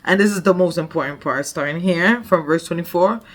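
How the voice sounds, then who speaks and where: A woman with a lowish voice leads a devotion, retelling a Bible story in a conversational way with frequent "like" and "you know." She speaks fairly quickly.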